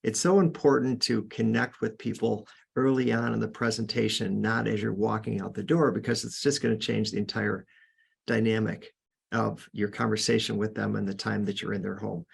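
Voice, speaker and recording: A man's voice: on the low side, fairly even intonation, moderate pace, gravelly, husky. A man hosting a podcast, giving earnest, casual sales coaching with frequent restarts. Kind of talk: casual instructional talk.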